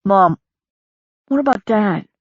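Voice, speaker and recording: A woman's voice: mid-range voice, animated, slow pace, no room sound, pitched above the performer's own voice. A woman narrator voicing an ashamed young adult son who pleads with a choked-up voice, on a dull lo-fi recording. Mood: pleading.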